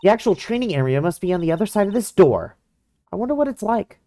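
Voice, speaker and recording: A woman's voice: medium pitch, very animated, fast talker, dark tone. A woman voicing a playful, teasing nineteen-year-old girl in a game fan dub.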